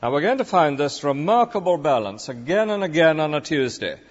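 A man preaching a sermon in a measured, emphatic, lecturing way. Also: on the high side, sing-song. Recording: dull lo-fi recording with long reverb.

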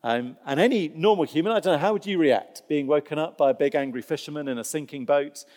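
A man preaching a sermon, telling stories with animated delivery and dry, self-deprecating humor. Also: fairly high pitch, fast talker. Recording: long hall reverb.

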